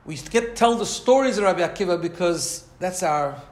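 A man's voice: high voice, lively intonation, moderate pace, darkish tone, reverberant. Man giving a chatty Torah class. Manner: conversational, keeps asking "right?", acts out quoted voices. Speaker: rabbi teaching a class. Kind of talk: Torah lecture.

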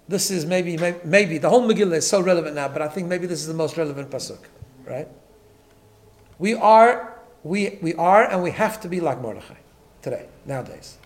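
A man teaching a Torah class, emphatic, often repeating words and checking in with "right?". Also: a little high. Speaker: rabbi.

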